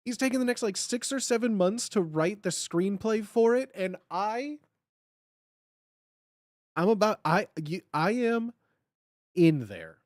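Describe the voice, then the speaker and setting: A young man talks to his live-stream chat in an excitable, rambling way, tripping over fillers and restarting his sentences. His voice sits a little high. The sound is dry and close, with no room around it. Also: measured pace, pauses often, dry recording.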